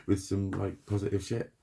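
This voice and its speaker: A man's voice: fairly low pitch, vocal fry, mellow, slightly rough. A man rambling casually in a spoken video diary, swearing often and laughing between thoughts. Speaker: vlogger.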